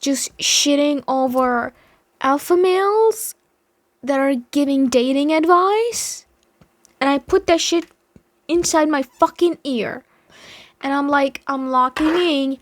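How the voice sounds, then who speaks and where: High-voiced young woman, dramatic storyteller. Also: no echo. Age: young adult. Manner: dramatic, heavy swearing, emphatic. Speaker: vlogger telling a story. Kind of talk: casual storytime.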